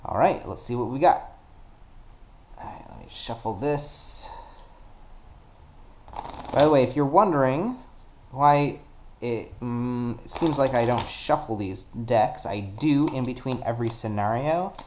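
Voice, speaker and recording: A man casually narrating a solo card game play-through, working things out deliberately and counting dice aloud. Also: medium pitch, animated, a little mellow, a little hiss or hum. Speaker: board game player.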